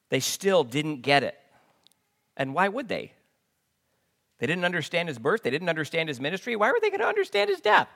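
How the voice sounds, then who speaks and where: A man's voice: fairly high pitch, fairly bright tone. A man preaching a conversational sermon, often restarting his sentences. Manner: conversational, with frequent restarts and fillers. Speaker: pastor.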